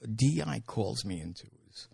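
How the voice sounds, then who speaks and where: A man's voice: lowish voice, moderate pace, creaky, husky. An older man, a comedian telling profane stories in a casual interview and acting out the people in them. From New York. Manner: animated storyteller who acts out quotes and swears freely.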